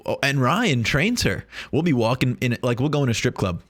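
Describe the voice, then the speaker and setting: A man's voice: mid-range voice, sing-song, moderate pace, a bit bright. A man vlogging in a casual, rambling way, joking and swearing as he talks to the camera. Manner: rambling, joking, profane, many restarts.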